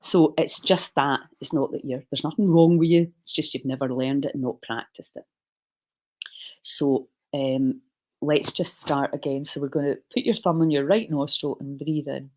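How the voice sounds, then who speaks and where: A man's voice: on the high side, steady tone, moderate pace, poor audio. Guy coaching breathing on a live stream, chatty and reassuring, keeps it encouraging.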